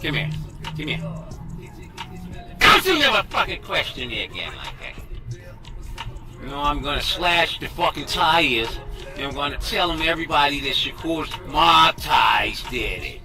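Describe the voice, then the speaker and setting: A man's voice: a little high, big pitch swings, measured pace, vocal fry, long pauses, over music, heavily acted. A man putting on a bossy, menacing father. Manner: menacing, cursing, coaxing. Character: bossy abusive father of a young boxer. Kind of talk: comedic skit.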